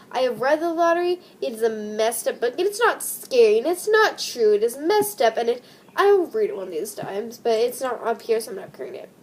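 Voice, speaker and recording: A woman's voice: on the high side, slight background noise. A young woman vlogger reading short creepy stories aloud in a casual way, breaking off to gasp, laugh and react. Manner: animated, gasping and laughing reactions between readings.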